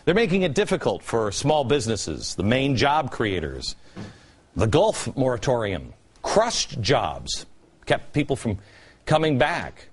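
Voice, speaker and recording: A man in his forties delivers a political monologue, his pitch leaping up and down as he tosses out sarcastic rhetorical questions. He sounds like a TV commentary host working through a prepared rant. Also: huge pitch swings, measured pace, breathy edge.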